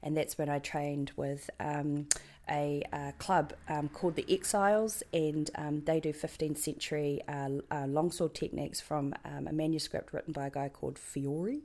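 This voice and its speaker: A woman from New Zealand talks casually as an interview guest, her voice sitting very low for a woman. She speaks with a New Zealand accent, wanders through her story with frequent ums, repeated words and self-corrections, and laughs at her own jokes. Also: little pitch movement, normal speed, a little mellow. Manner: rambling, full of ums and restarts.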